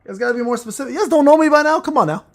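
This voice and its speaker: A man talks through a game on a livestream, teasing his chat with crude jokes and rambling asides. His voice sits high and swings widely up and down, full of playful bounce. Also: animated, rapid-fire. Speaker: gaming streamer reading chat. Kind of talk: casual livestream chatter while playing.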